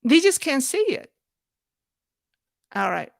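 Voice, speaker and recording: A woman hosts a live chat, answering viewer questions at a slow, unhurried pace. Her voice sits a little high, and she talks in a thoughtful, halting way. The sound is dry and close, with no room around it. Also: sing-song, creaky, no echo. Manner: thoughtful, halting, with restarts and soft laughs. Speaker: host of a live Q&A show.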